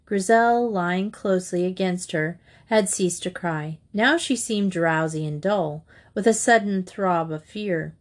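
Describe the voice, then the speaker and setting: Slow, measured woman narrating a storybook. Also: fairly low pitch. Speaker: audiobook narrator. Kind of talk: audiobook reading of a classic novel.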